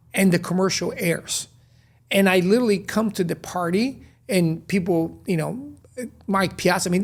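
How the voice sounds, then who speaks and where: Gravelly, husky-voiced male storyteller. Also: sits high. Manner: lively, acts out quoted dialogue. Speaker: guest, restaurant co-founder. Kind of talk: animated storytelling in conversation.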